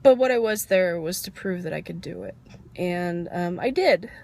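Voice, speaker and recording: A woman's voice: lowish voice, expressive, normal speed, creaky. Candid woman recounting, slight cold. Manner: candid, rambling, self-deprecating with soft laughs. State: getting over a cold, coughing. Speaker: vlogger. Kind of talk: personal vlog storytelling.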